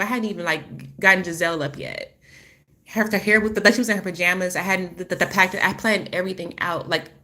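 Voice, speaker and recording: A woman vlogger telling a painful personal story in a halting, emotional way, full of restarts, then turning to encouragement for her viewers. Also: lowish voice, sharp tone. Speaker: spiritual healing vlogger.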